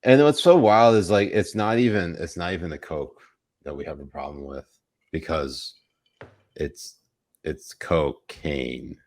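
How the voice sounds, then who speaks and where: A man's voice: a bass voice, measured pace, a little mellow, no room sound. A young man co-hosting a political podcast, giving sarcastic, profane commentary. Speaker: podcast co-host.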